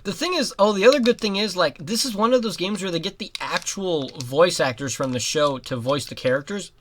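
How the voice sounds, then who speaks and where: A young adult giving rambling let's-play commentary, breaking into giggles and sudden loud outbursts at the game. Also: mid-range voice, lively intonation, fairly quick, slight background noise. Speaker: gaming commentator.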